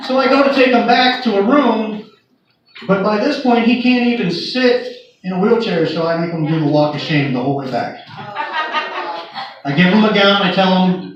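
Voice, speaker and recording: A man's voice: high voice, a little fast, far from the mic, highs cut off, background noise. A man telling crude stand-up stories about working as a nurse, with a storyteller's build to each punchline. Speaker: stand-up comedian. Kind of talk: stand-up comedy set. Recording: echoey live club recording from afar. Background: audience laughter.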